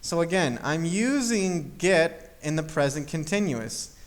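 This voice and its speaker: A man's voice: on the high side, animated, unhurried. A man teaching an English grammar lesson, explaining patiently and checking understanding with "okay?". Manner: patient, repeats key points, checks with "okay?".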